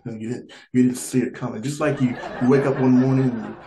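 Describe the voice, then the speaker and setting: A male comic rambles through a stand-up set, looping back on phrases and stumbling over restarts while chuckling at his own lines. His voice sits at a mid pitch. The recording sounds echoey, with a faint hiss of noise behind him. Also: fairly even intonation, quick pace, vocal fry. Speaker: stand-up comedian.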